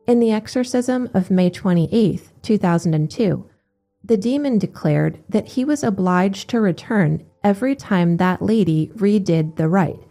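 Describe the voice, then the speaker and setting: Woman, scripted narration, measured and even, warm dark tone, faint music underneath. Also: mid-range voice. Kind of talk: scripted narration of religious accounts.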